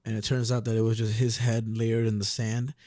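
A man's voice: lowish voice, flat delivery, a little fast, a little mellow, no echo, studio quality. A young man co-hosting a podcast in casual chat, laid-back and rambling, swearing and laughing often. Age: young adult. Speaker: podcast co-host.

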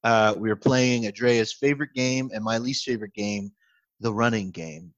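A man's voice: mid-range voice, normal speed, no room sound. A man, a pastor co-hosting a podcast, telling a story in casual chat with lots of laughter and restarts. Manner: animated storytelling, frequent laughter and self-restarts. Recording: slightly muffled, dry recording.

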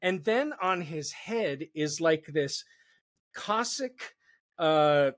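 A man's voice: fairly high pitch, extremely slow, no room sound, studio quality. A man as a podcast guest, telling history in a casual, jokey way. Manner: animated, jokey storyteller.

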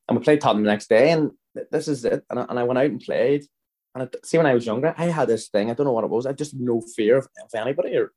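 In a casual storytelling chat, a thirty-something Northern Irish podcast guest rambles through a long tale, performing other people's lines in quoted dialogue. He keeps restarting his sentences. His voice is lowish with a darkish tone.

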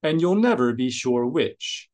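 A prim, fussy male protocol droid relaying translations in careful, proper phrasing , as a man reading a story puts him on. He speaks slowly and correctly, and every sentence sounds like an official announcement. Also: medium pitch, animated, darkish tone, lightly acted. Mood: formal.

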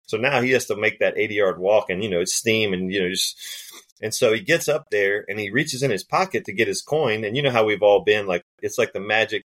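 A man, a golf caddie and podcast guest, telling stories in a relaxed, chatty way and acting out the voices of people in his stories. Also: lowish voice, brisk. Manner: animated, laughs often, acts out quoted voices. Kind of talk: casual storytelling.

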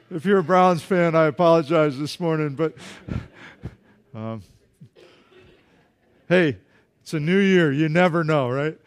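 Animated male pastor with a high voice, preaching a lively sermon. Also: measured pace, pauses often, clean tone. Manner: animated, acts out dialogue, jokes with congregation.

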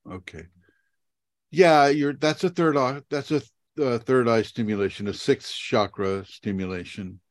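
A man's voice: medium pitch, measured pace. A man hosting a casual video-call question session as a spiritual teacher, rambling with fillers and laughing at himself.

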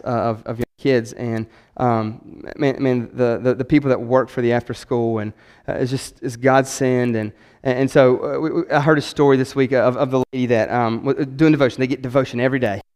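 A man, preaching a sermon in an animated way, repeating words and acting out quotes. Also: medium pitch. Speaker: pastor. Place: church sanctuary. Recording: long hall reverb.

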